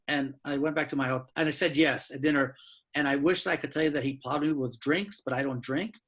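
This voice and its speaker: Husky-voiced older man, blunt and frank. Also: a little high, steady tone, fairly bright tone. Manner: frank and blunt, with mild swearing and quick asides. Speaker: law professor and author giving a talk. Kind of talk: candid lecture-style talk. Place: his apartment.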